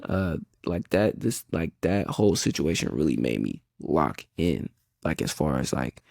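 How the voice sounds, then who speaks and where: A young man tells a story from his childhood in a loose, slangy podcast chat. His voice is gravelly and a bit husky, with a lively, swinging pitch. The sound is dry and close. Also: unhurried, no echo. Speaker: podcast host. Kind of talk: casual storytime.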